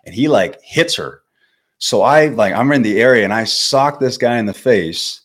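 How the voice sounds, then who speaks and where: A man's voice: medium pitch, expressive, normal speed. A young man in his twenties, a podcast guest telling a story in a laid-back way, swearing and calling the host dude and bro. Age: 20s. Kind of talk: casual storytelling.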